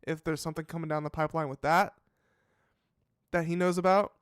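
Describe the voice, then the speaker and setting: A male reaction-show host talks in a loose, musing way, full of "um"s and restarted sentences. His voice sits slightly high and sounds smooth and resonant. The sound is close and dry, with no room echo. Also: level tone, a little fast. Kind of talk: casual live reaction commentary.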